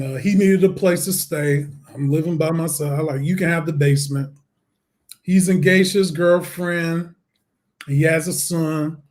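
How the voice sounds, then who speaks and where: A man, a guest on an interview show, telling his story in a lively way, acting out the voices and laughing often. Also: fairly high pitch. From Detroit, USA.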